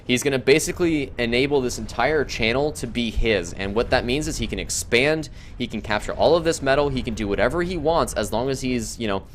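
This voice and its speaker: A man casting a strategy video game match, who gets loud and excited at big moments. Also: mid-range voice, brisk, few pauses, slight background noise. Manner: excitable, shouts and laughs at big plays. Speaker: game caster. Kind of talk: esports commentary.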